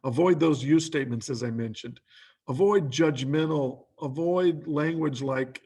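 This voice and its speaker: Husky guy teaching a training video, kinda high voice, fires off lists of short questions. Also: unhurried, darkish tone. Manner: acts out quoted lines. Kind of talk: training lecture.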